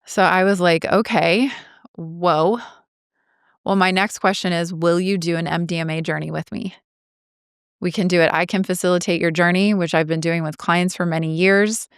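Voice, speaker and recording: A woman in her forties telling a personal story as a podcast host, earnest and reflective, slowing down on key phrases. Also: on the low side, flat delivery, clean tone, dry recording, studio quality. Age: 40s.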